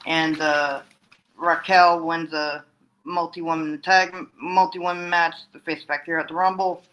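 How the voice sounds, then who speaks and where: A man with a bright, slightly high voice gives a loose spoken recap on his own. He rambles, stops and restarts his sentences, and fills the gaps with "uh" and "and then.". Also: flat delivery, unhurried, a little hiss or hum, rough recording. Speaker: wrestling fan recapping storylines. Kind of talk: casual solo recap.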